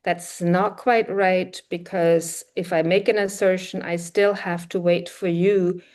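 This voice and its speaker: A woman's voice: lowish voice, level tone, unhurried, a little mellow. A woman giving an academic linguistics lecture, explaining step by step with frequent fillers and self-corrections, now and then acting out short example exchanges. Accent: German-speaking European. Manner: acts out short quoted exchanges.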